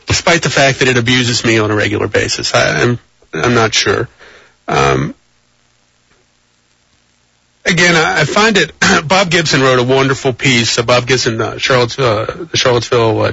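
A man's voice: mid-range voice, expressive, fairly quick, creaky, sharp tone, slightly rough, no room sound. A man hosting a call-in radio show, rambling with wry asides, on a dull lo-fi broadcast. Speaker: radio host.

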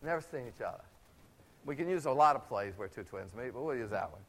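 A middle-aged man giving a lively, chatty stage talk with a demonstration, wearing a clip-on mic before a live audience. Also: medium pitch, fast. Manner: animated, chatty, full of asides. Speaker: theater lecturer. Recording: faint crowd and room noise.

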